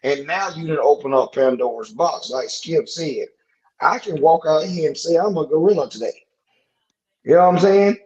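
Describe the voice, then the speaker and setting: Guy cohosting a podcast, kinda high voice, emphatic, repeats himself, muffled lo-fi sound. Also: moderate pace, darkish tone. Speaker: podcast co-host. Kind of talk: casual chat.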